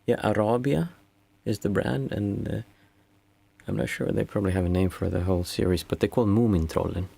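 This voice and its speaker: A man's voice: on the low side, steady tone, vocal fry, dark tone, breathy edge. A man, a meditation teacher chatting casually and reflectively with viewers on a livestream. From Sweden. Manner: unhurried, reflective, reads out chat messages.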